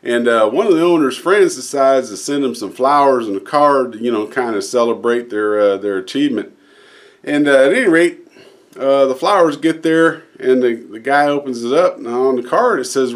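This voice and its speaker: A man's voice: fairly high pitch, expressive, normal speed. A man hosting a daily dad joke show, telling a joke in a casual, rambling way with lots of fillers and light character voices. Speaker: host telling dad jokes.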